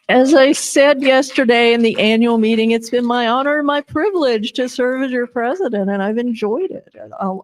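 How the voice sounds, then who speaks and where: A woman's voice: a little high, darkish tone. A woman who is the outgoing president of an association, giving an informal acceptance speech. She sounds touched and laughs between phrases. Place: live awards event.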